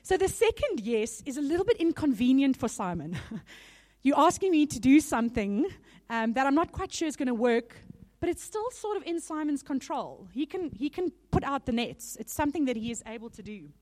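A woman's voice: high voice, big pitch swings, moderate pace, darkish tone. A woman preaching a sermon in an earnest, conversational way, often breaking into a light laugh between points.

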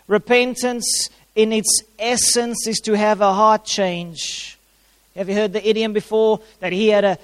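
A man's voice: sits high, fairly bright tone. A man preaching a sermon, repeating his key phrases for emphasis and showing props to his congregation. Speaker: pastor. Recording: long hall reverb.

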